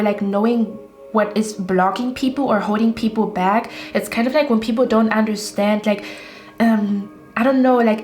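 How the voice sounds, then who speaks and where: Female tarot reader, casual and reassuring, steady mid pitch with little melody. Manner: rambling, reassuring, addresses viewers directly.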